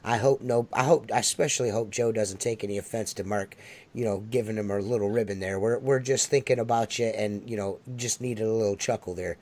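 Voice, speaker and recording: A man's voice: fairly low pitch, fairly even intonation, fairly quick, darkish tone. A man hosting a podcast in casual chat, talking loosely and emphatically with plenty of swearing. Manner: profane, emphatic, loose talker. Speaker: podcast host.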